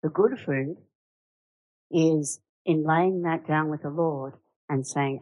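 A woman's voice: low voice, takes it slowly, long pauses, no room sound, muffled recording. A woman preaches a sermon. She talks conversationally and with animation, asking rhetorical questions, and the recording is close and dry.

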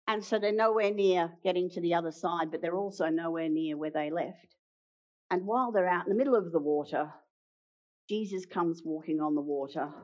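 A woman preaching a sermon, retelling a story with dramatic pauses and acted-out quotes. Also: fairly low pitch. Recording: dull lo-fi sound.

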